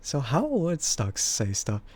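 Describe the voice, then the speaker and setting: Slow, giggly husky-voiced man. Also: huge pitch swings, darkish tone. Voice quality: husky, bassy voice. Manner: giggly, laughs often between remarks. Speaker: VTuber streamer. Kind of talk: casual stream chat answering viewers.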